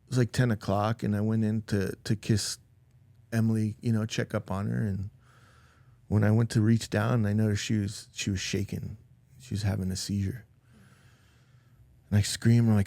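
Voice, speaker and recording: A man's voice: fairly low pitch, brisk, darkish tone, dry recording, studio quality. A man telling a personal story as a podcast guest. He talks casually, saying "like" and "dude" a lot, and he acts out the quoted lines in a raised voice. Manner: loose, rambling, with lots of "like" and "dude".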